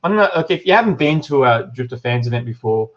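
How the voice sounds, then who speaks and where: A man's voice: medium pitch, sing-song, quick pace, lo-fi sound. A middle-aged Australian man hosting a casual live stream, reading viewer comments aloud and chatting with lots of ums and uhs. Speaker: livestream host and shop owner.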